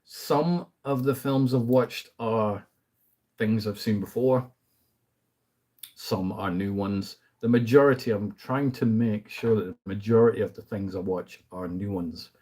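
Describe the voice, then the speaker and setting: Guy rambling about movies, kinda low husky voice, lots of asides and fillers. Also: measured pace, dark tone. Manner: laughs lightly mid-sentence. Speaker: movie review host. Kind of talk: casual movie review chat.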